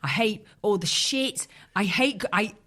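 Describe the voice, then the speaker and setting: A woman talking as a podcast guest, chatty and candid, often quoting people in quick asides. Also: medium pitch, a bit bright. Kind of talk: casual chat.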